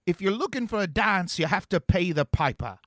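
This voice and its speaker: A man's voice: high-pitched, expressive, fairly quick, a bit bright, dry recording, clean studio sound, pitched above the performer's own voice. A man voicing a cocky teenage male warlock who puts on a fake British accent. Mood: mocking. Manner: mocking, swaggering.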